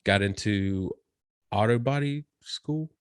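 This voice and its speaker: A man's voice: fairly low pitch, slow pace, clean tone, no echo. A young adult man from North Carolina, a podcast host, telling his life story in a rambling, self-mocking way with dry humor. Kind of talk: casual storytelling chat.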